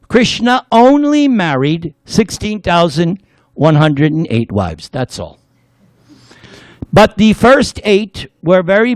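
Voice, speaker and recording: Male spiritual lecturer, high and lively voice, playful storyteller, dry sound. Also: no room sound. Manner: playful, leads the audience in call-and-response chanting; storytelling with jokes. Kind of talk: devotional class lecture.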